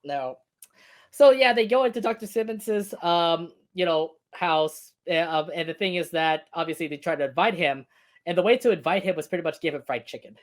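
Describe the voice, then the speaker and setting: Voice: medium pitch, moderate pace. A co-host of a cartoon review stream, recapping episodes in casual chat and laughing often between points.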